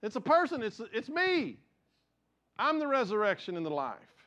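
A man preaching a sermon as pastor, telling stories earnestly and dropping from raised emphasis to hushed, quiet passages. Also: very high voice, wildly swooping pitch, normal speed. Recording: dull lo-fi sound.

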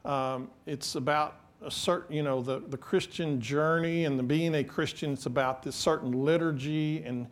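A man preaching a sermon, lively and animated, acting out scripture quotes in different voices and laughing between points. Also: a little high, moderate pace, few pauses. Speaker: pastor.

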